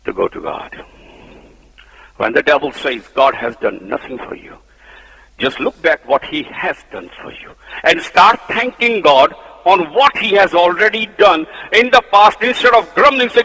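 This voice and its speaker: A man with a Punjabi accent preaching a sermon, emphatic, swinging between loud declarations and soft low asides. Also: expressive, unhurried, gravelly, slightly rough. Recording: long hall reverb.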